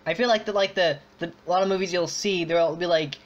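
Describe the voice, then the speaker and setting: A man's voice: high voice, steady tone, fast. A man hosting a casual online chat, rambling with lots of fillers and restarts. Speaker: podcast host. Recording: dull lo-fi audio.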